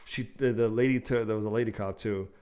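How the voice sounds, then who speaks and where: Here a fast-talking young man with a lowish voice recounts something that happened to him while co-hosting a podcast. The chat is casual and animated, with frequent swearing and impressions of whoever he's quoting.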